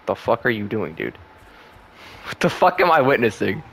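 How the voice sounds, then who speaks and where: A man's voice: on the low side, moderate pace, vocal fry, slight background noise. A young man giving casual gameplay commentary, swearing and trash-talking with frequent laughter. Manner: profane trash talk, laughs often, excitable. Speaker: gaming channel host.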